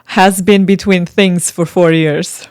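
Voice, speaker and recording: A woman's voice: lowish voice, fairly even intonation, takes it slowly, a little mellow, no echo, studio quality. A woman hosting a podcast, playfully teasing her guest while reading out game prompts. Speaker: podcast host. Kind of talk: casual podcast chat, running a game.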